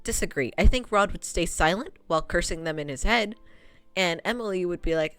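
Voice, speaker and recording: A young adult woman streamer giving casual commentary while playing a visual novel, laughing often and swearing in animated reactions. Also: lowish voice, a little fast, smooth, no echo, soft background music.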